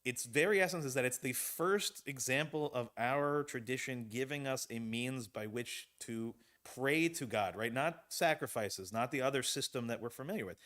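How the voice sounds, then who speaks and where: A man teaching a text study as rabbi, speaking from the front of a synagogue sanctuary at a middle pitch. His delivery is conversational and explanatory, with frequent check-ins to the group and a relaxed, unhurried flow.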